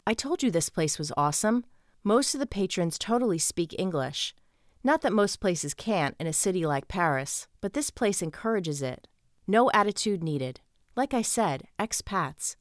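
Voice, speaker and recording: A woman's voice: fairly low pitch, animated, normal speed, no room sound, clean studio sound, lightly acted. A woman playing a teasing, wild young woman. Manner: teasing, purring.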